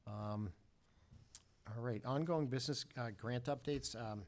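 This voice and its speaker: A man chairing a formal public meeting, speaking in a measured, halting way with frequent fillers. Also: medium pitch.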